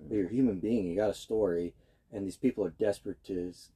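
A man's voice: lowish voice, quick pace, warm tone, husky. A young man in casual conversation, speaking earnestly and hesitantly, often restarting his sentences. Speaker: guest. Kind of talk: casual chat.

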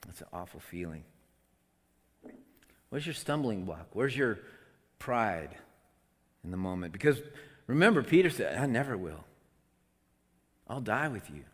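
A man preaching a sermon, swinging between loud, emotional outbursts and quiet, conversational asides. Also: on the low side. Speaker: pastor. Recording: long hall reverb.

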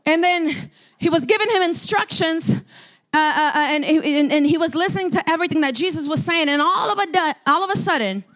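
A woman pastor with a very high voice preaches a sermon, moving from quiet storytelling into loud, drawn-out shouted declarations. She often repeats and restarts words.

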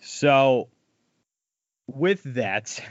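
A man co-hosting a casual sports podcast, bluntly recapping the week's football scores with lively opinions. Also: medium pitch, very slow, dry recording, muffled recording. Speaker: podcast co-host.

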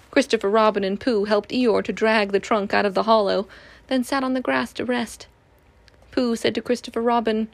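A woman reading a children's storybook aloud in a gentle, even way. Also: mid-range voice, gravelly, no echo.

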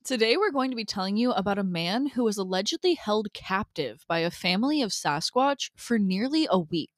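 Podcast co-host, quiet delivery, deadpan jokes, dry mic. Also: medium pitch, brisk, no room sound. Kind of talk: casual chat.

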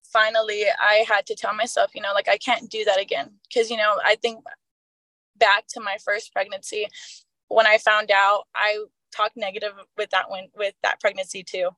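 A woman's voice: medium pitch, level tone, moderate pace, bright, forceful tone, dry recording, low-quality recording. A young adult woman telling a personal faith story in a casual, earnest way, with many fillers and restarts. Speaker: guest sharing her testimony.

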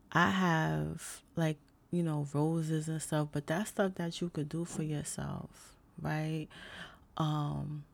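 Young new woman venting, gravelly fry in her voice, cussing nonstop, lots of fillers. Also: low voice. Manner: blunt, heavy swearing, lots of fillers. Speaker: vlogger. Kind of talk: casual rant to camera.

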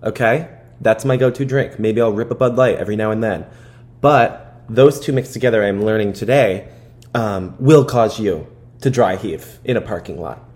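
A man's voice: fairly low pitch, normal speed. Rowdy ranting Jersey guy. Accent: New Jersey. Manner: animated, profane, hyperbolic ranting with frequent laughs. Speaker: podcast host. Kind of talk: casual comedic monologue. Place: parents' basement.

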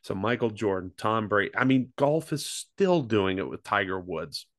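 Podcast guy, kinda low voice, rambly with lots of ums and swearing, super dry sound. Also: expressive, moderate pace, fairly bright tone, dry recording. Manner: rambling, loose delivery with many fillers and restarts; swears freely. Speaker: podcast co-host. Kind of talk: casual chat.

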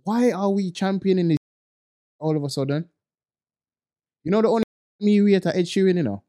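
A blunt man holding forth on a podcast, his fairly high voice rising as he mocks people in squeaky put-on voices. He speaks with heavy street slang and a frank, fed-up edge. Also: a little fast, mellow. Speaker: podcast co-host. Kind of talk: casual podcast chat.

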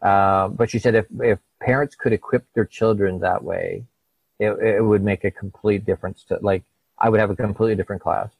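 Middle-aged man, low voice, dry close sound, lively storyteller who acts out every voice. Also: brisk, gravelly, no room sound, narrow, tinny audio. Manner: animated, acts out quoted dialogue. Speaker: guest. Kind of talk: conversational storytelling.

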